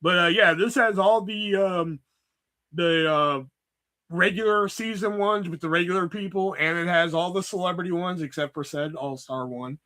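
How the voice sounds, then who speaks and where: A man's voice: high-pitched, normal speed, sharp tone. A man hosting his own livestream, telling a long rambling story in casual, profanity-heavy chat full of "you know" asides. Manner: profane, chatty, lots of "you know" fillers. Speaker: livestream host.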